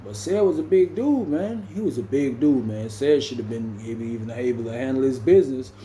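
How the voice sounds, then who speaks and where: A man's voice: mid-range voice, lively intonation, a little fast, mellow, slight background noise. A man casually telling a prison story, in a loose, slangy way that ends almost every phrase with "bro". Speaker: storyteller recounting prison stories.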